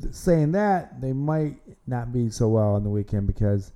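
A man's voice: medium pitch, animated, moderate pace, mellow, smooth. A man hosting a casual sports podcast, opinionated, often repeating himself and restarting phrases. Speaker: podcast host.

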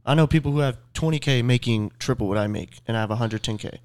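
A young man talks fast and earnestly about fame in a casual podcast chat, quoting fans as he goes. His voice sits in an ordinary middle register and he curses freely. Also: mid-range voice, a little mellow. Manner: earnest, swears, quotes fans' words. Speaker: social media creator, podcast guest.

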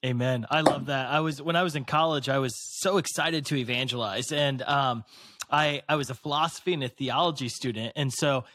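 A man's voice: medium pitch, a little fast, very noisy. A man hosting a faith podcast who talks in an enthusiastic, affirming way and often restarts his phrases. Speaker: podcast host. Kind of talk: casual faith conversation.

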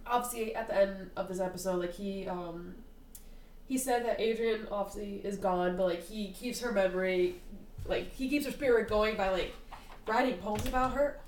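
A woman's voice: medium pitch, moderate pace, darkish tone, slight background noise, rough recording. A woman hosting a casual true crime podcast, swearing often, saying "like" constantly, and tearful as she talks. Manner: casual, swears a lot, fillers like "like". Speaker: podcast host.

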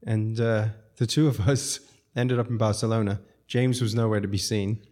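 A man's voice: on the low side, steady tone, normal speed, a little mellow. A man from South Africa, a restaurateur guest, telling long rambling stories with frequent chuckles. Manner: rambling, chuckles often, self-interrupting. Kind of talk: casual storytelling.

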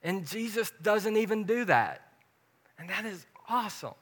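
A man's voice: high voice, big pitch swings, unhurried, fairly bright tone. A man preaching an informal sermon, earnest and personal, with bursts of joking. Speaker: pastor.

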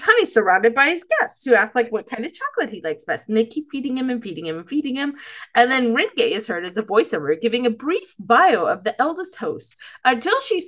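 A woman recapping a cartoon episode in a loose, rambling way. Her voice is bright and a little high, and she giggles and loses her place now and then. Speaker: podcast co-host.

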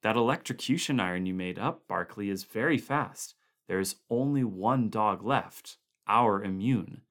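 A calm, precise male expedition member with a low, even voice, as a man reads him in a storybook. He speaks steadily and chooses every word with care. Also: unhurried. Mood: level.

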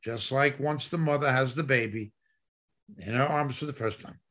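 A man's voice: medium pitch, moderate pace, a bit bright. A man preaching a Bible study sermon, driving his points home with emphatic repetition. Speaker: Bible teacher. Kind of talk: sermon teaching.

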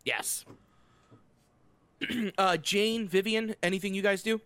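A man's voice: sits high, slow, fairly bright tone, clear, resonant tone, no echo. Chatty man running a tabletop game. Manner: chatty, loose, describes scenes with many fillers and restarts. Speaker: game master. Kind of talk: casual narration of a tabletop game.

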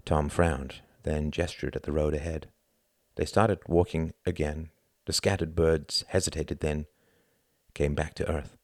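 A man reading a novel aloud as narrator in a measured, even storytelling manner. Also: rumbling low, no echo, studio quality. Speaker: audiobook narrator. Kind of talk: scripted narration.

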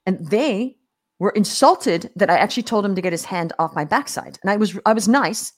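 Speaking at a medium pitch and a fairly quick pace, a middle-aged woman from Australia shares stories as a podcast interview guest. Her storytelling is lively, with impressions of the people she quotes. She frequently trips over her words and begins sentences again.

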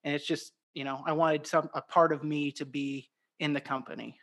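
A man's voice: on the high side, flat delivery, normal speed, fairly bright tone. A man in his thirties from Southern Illinois, a guest on a podcast, easygoing and joking in casual chat. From Southern Illinois, USA. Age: 30s. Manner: easygoing, self-deprecating jokes. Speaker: podcast guest, toy maker.

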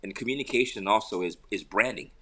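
A man with a very deep, low-pitched voice speaks as a guest on a remote call. He tells his points in animated, loosely built stories, often repeating words and restarting. He sounds middle-aged, casual and conversational. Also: quick pace. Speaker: podcast guest, entrepreneur and father. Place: home in an air park community.

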